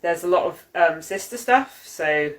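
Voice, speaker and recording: A woman's voice: on the low side, expressive, normal speed, poor audio. A woman co-hosting a casual hobby chat, talking at length about a book with many fillers and restarts. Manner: rambling, lots of fillers and restarts. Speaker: podcast co-host.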